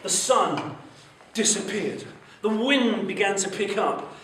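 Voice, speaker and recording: A man tells a Bible story to schoolchildren in an animated, question-asking way. His voice sits high for a man. He is heard from a distance in a strongly echoing school hall, with a faint noise underneath. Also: takes it slowly. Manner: animated, asks the children questions.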